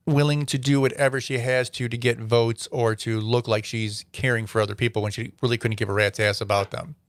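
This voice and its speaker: A man's voice: mid-range voice, a bit bright, dry recording, clean studio sound. A man hosting a solo commentary show, giving opinionated, rambling takes with frequent fillers. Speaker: host.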